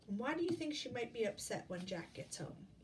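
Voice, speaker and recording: A woman reading a picture book aloud to children, pausing to ask gentle questions. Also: a little high, big pitch swings, noisy background. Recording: distant mic, faint ambience.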